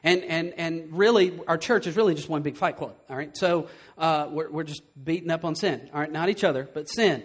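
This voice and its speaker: A man preaching to his church with a voice pitched well above most men's. He is animated and emphatic, and he keeps tossing rhetorical questions at the congregation. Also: a little fast, hardly any pauses. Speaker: pastor. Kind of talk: sermon.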